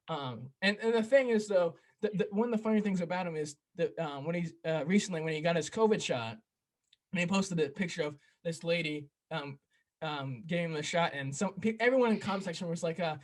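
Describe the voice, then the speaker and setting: A young man hosting a casual podcast chat, retelling comedy bits with quick impressions and laughter. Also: a little high. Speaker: podcast host.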